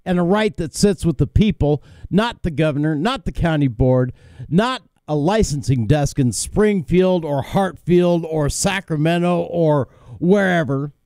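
A man's voice: a little high, unhurried, a little mellow, dry recording. A man hosting a talk radio show, delivering an opinionated monologue in a combative, emphatic way, with fillers and repeated words.

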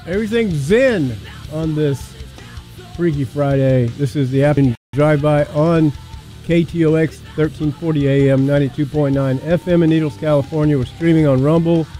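A man's voice: fairly high pitch, moderate pace, dark tone, soft background music. A man hosting an afternoon talk radio show, upbeat, plugging the station and asking short questions. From American South. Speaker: radio host. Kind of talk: casual radio chat.

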